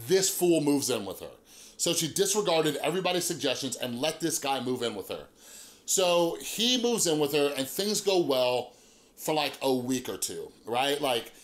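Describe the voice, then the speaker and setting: Male vlogger, higher-pitched, casual storytime delivery, conversational. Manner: conversational, peppers talk with "like", "right?" and "okay?"; animated storyteller, drops low and quiet for grim moments. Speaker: YouTuber talking about addiction recovery. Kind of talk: storytime vlog.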